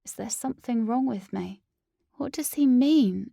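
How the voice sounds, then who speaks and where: A woman's voice: a little high, a little slow, vocal fry, mellow, dry recording, studio quality. A woman narrating a first-person audiobook in an earnest, dramatic reading.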